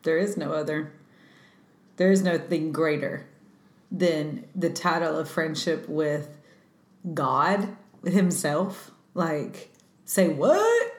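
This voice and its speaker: A woman co-hosting a faith discussion, chatty and animated, with lots of fillers. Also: low-pitched, takes it slowly, pauses often. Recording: echoey room.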